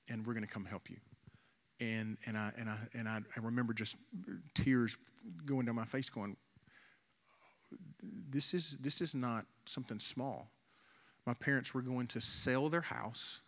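A man's voice: medium pitch, a bit bright. A man preaching a sermon in an earnest way, often repeating words as he goes and acting out the people in his stories. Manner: earnest, repeats words, acts out quoted voices. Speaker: pastor. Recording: long reverb of a large hall.

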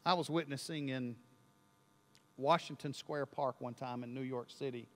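A man preaching a sermon, telling a story in an animated way and building to loud, emphatic peaks. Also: medium pitch, normal speed, long reverb tail. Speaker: pastor.

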